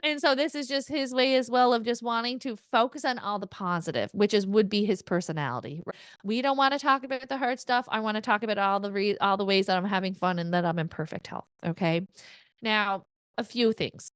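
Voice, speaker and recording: Speaking a little fast in a clean tone with no echo, a woman medium delivers a laid-back spirit reading. She chats freely, laughs a lot, lets the odd swear word slip, and pitches her voice up excitedly when passing on quotes.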